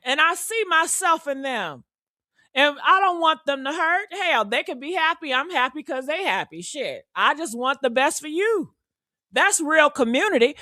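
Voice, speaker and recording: Sassy, blunt woman commentator, slightly high. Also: bright, forceful tone, no room sound, studio quality. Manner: sassy, blunt, profane, preachy. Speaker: commentary host. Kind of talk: reaction commentary.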